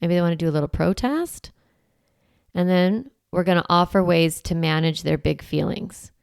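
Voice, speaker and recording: A woman hosting a parenting podcast, explaining calmly and acting out gentle phrases to say to an upset child. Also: lowish voice, moderate pace, gravelly, smooth, no echo, clean studio sound. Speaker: parenting podcast host and coach. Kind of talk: instructional podcast monologue.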